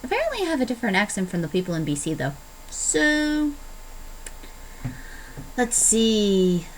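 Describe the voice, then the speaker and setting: A young Canadian woman chatting casually on her vlog, playful and rambling, often jumping into high excited tones. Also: quick pace, a little hiss or hum, low-quality recording. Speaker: vlogger.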